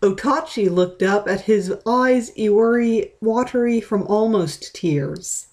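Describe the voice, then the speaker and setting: A woman reading a fan story aloud in a deadpan manner. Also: medium pitch, slow pace. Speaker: reader.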